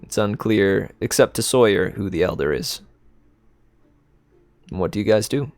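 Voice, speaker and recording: A man narrating a tabletop game as game master, relaxed and hesitant with many fillers. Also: fairly low pitch, normal speed, no echo.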